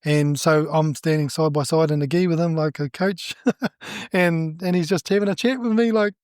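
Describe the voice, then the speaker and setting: A middle-aged man with a New Zealand accent, a judo coach telling stories in a casual interview, animated and laughing as he acts out what people said. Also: a little high, moderate pace, clear, resonant tone, no room sound, clean studio sound.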